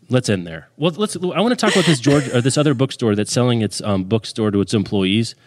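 A man co-hosting a podcast in casual chat, joking and rambling with quick restarts. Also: mid-range voice, expressive. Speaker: podcast co-host.

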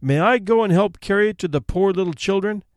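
A man's voice: high-pitched, fairly quick, no room sound, voice pushed up, natural voice. A man voicing a tender-hearted little girl who asks eagerly in a storybook reading.

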